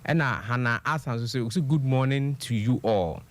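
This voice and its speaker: A man's voice: mid-range voice, brisk. A man, co-hosting a radio show and reading listener comments aloud in casual banter. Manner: reads comments aloud in a mix of Twi and English.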